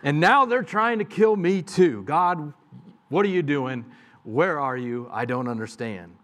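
A man's voice: on the high side, animated, a little slow, a bit bright. A man voicing a desperate male prophet on the run, pleading and complaining in a dramatic scripture reading. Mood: anguished.

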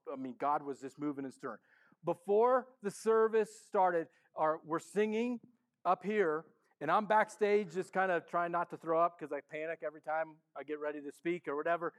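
A man preaching a sermon as a pastor in a church, casual and enthusiastic, swinging between hushed and loud. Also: high voice.

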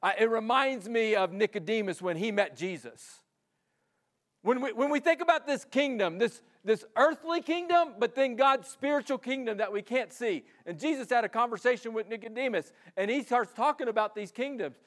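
High-voiced man preaching a casual sermon. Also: moderate pace. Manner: conversational preaching, acts out quoted voices. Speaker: pastor.

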